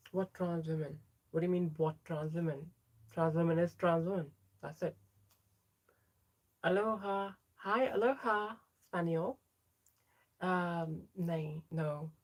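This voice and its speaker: Chatty trans woman livestreamer, low voice. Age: young adult. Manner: chatty, reads out viewer names and answers them. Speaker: livestream host. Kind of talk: casual livestream chat reading comments.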